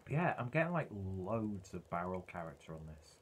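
A man's voice: low voice, big pitch swings, normal speed, slight background noise. A man reviewing a beer in a casual, rambling way, full of ums and uhs.

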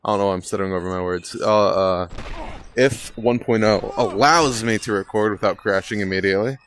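A man's voice: fairly low pitch, brisk, a bit bright, slight background noise. A young man giving casual, rambling gameplay commentary, swearing casually and poking fun at himself. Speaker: gaming video creator.

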